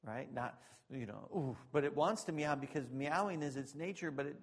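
A male pastor preaching a sermon, moving between loud emphatic preaching and quiet, joking asides to the congregation. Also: a little high, normal speed.

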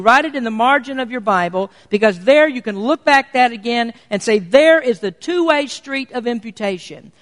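A man preaching to his congregation, earnest and steady, slowing his delivery to lean on important words. His voice sits notably high for a man. The sound carries a long reverberant tail from a church hall. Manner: earnest preaching, slows for emphasis. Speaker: pastor. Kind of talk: sermon.

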